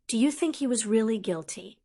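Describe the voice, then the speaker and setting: A woman's voice: on the high side, animated, a little fast, dark tone. A woman reading an audiobook, voicing an inquisitive teenage girl witch who asks pointed questions. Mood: concerned.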